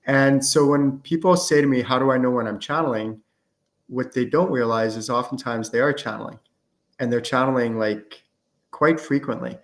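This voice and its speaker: A man's voice: mid-range voice, moderate pace. A middle-aged man answers viewer questions on a live stream in a loose, conversational way. He fills his talk with "like" and "um" and slips into acted-out back-and-forths. His voice sits in an ordinary middle range. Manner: casual and chatty, many fillers, acts out student exchanges. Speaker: host and channeling teacher.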